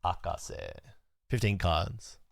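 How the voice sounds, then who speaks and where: Low-voiced young man chatting on stream. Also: takes it slowly, vocal fry, no echo. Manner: rambling, many fillers, swears casually. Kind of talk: casual live-stream chat.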